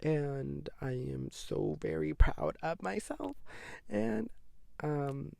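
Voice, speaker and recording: A man's voice: fairly high pitch, animated, slow pace, gravelly, dark tone, dry recording. A young man hosting a casual solo podcast, sick with a cough and sore throat, rambling and saying "like" all the time. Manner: rambling, says "like" constantly. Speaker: podcast host.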